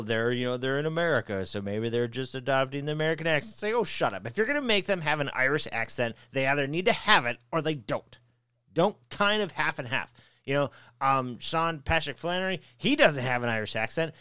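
A man's voice: fairly high pitch, brisk, clear, resonant tone, dry recording, clean studio sound. A man co-hosting a podcast, ranting with lots of swearing in casual chat. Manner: profane, ranting, animated. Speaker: podcast co-host.

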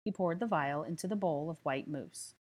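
A woman reading a story aloud as narrator, calm and even. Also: low-pitched, moderate pace. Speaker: audiobook reader. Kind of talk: scripted narration.

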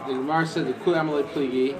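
A man in a casual Talmud discussion who keeps asking quick questions to check the point. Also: a little high, fairly even intonation, a crowd in the background, low-quality recording. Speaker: study partner.

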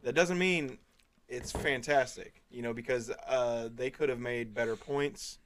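A man's voice: medium pitch, measured pace, a little hiss or hum. A man co-hosting a podcast, joking and laughing through a casual movie review. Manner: jokey, laughs often, lively delivery. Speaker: podcast co-host.

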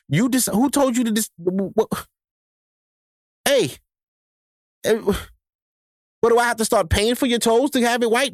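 A man's voice: very high voice, unhurried, pauses often, no echo, studio quality. A man hosting his own podcast, delivering a profane, emphatic solo rant that lectures his listeners. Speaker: podcast host.

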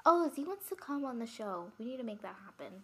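A woman's voice: fairly high pitch, sing-song, fast talker. A young woman co-hosting a casual chat podcast, telling stories with giggles and rambling asides. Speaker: podcast co-host.

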